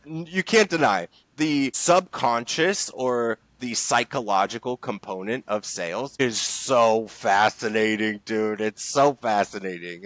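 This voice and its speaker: A man's voice: mid-range voice, a bit bright, dry recording. An enthusiastic man talking in a podcast interview as a guest, emphatic and casual with lots of slang. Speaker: guest, sales leader and author.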